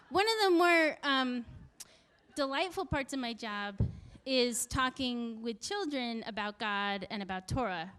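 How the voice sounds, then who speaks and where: A woman's voice: fairly high pitch, animated, a little slow, a bit bright, clean tone. A middle-aged woman telling a comic personal story in a wry, self-mocking way, acting out the voices she quotes.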